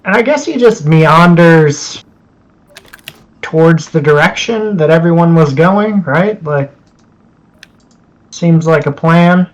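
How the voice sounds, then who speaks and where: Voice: medium pitch, takes it slowly, pauses often, muffled recording. A player in an online tabletop game, talking in a hesitant, wry way. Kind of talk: casual tabletop game play.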